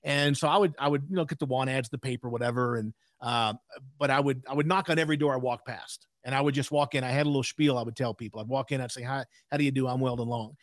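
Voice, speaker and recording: Fast-talking man in his sixties. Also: medium pitch, no room sound, clean studio sound. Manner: fast, emphatic storyteller with frequent asides. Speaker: podcast guest. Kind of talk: candid storytelling interview.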